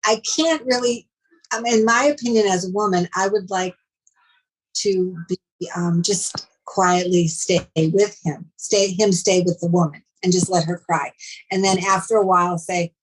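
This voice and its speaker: Hesitant, lower-voiced woman giving advice. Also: steady tone, slight background noise, rough recording. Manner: hesitant, many ums and restarts, measured advice. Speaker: mental health professional guest. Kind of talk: advice-giving interview talk.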